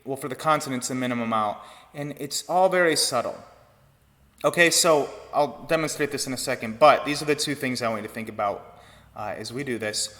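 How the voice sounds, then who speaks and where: A man's voice: medium pitch, fairly quick. Man teaching choir technique in a hall. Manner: relaxed teaching talk with sung demonstrations. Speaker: choir director. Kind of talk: online vocal technique lesson.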